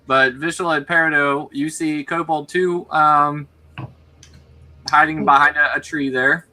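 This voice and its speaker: A man runs a tabletop session, stumbling through restarts and fillers as he explains turns. His voice is slightly high and very bright. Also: fairly even intonation. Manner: halting, many fillers and restarts. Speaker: game master. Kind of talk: running a tabletop game online.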